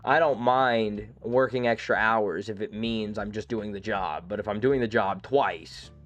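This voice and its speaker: A man streaming a game, chatting casually and rambling through stories with quick asides. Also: lowish voice, fairly bright tone, highs cut off, faint music behind. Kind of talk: casual live-stream chat.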